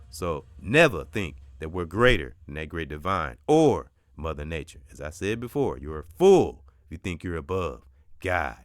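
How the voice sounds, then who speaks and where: Deep-voiced man preaching with animated swings. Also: no room sound. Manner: preachy, emphatic, repetitive, swears. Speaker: podcast host. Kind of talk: motivational spiritual talk.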